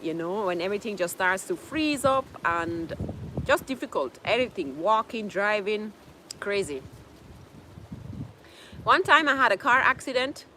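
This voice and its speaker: Speaking in a sing-song, unhurried way with long pauses, this woman has a medium-pitched voice that comes across pushed and bright, over a little hiss or hum. She hosts a casual livestream from her home in Jamaica, reading comments, laughing often and mixing in French.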